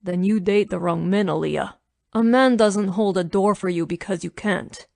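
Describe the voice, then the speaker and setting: A woman voicing a protective, commanding billionaire man in his thirties, speaking low, steady and insistent for an audiobook. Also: normal speed, gravelly, no echo, studio quality, natural voice.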